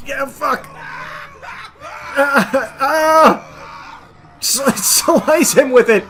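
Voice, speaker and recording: A man hosting an online video, giving a dry film review and loud gameplay commentary. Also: very high voice, very slow, pauses often, slight background noise. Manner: dry, flat delivery that breaks into loud excited yelling.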